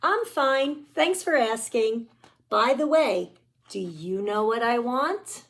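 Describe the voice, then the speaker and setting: A woman's voice: fairly high pitch, expressive, slow. A woman voicing a pushy male pigeon from a picture book, wheedling and dramatic as he begs. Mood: chatty. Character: pushy pleading male pigeon, storybook bird.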